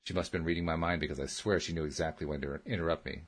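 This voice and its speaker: A man's voice: extremely low pitch, fairly even intonation, very fast. A man reading a first-person story aloud as an audiobook narrator, in a plain, earnest storytelling manner.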